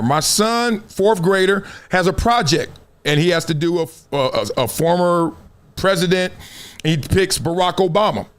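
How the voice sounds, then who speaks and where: A middle-aged man hosting a live stream, telling a story in lively, slangy casual talk to his viewers. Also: a little high. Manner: animated storyteller, slangy and warm toward viewers. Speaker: show host.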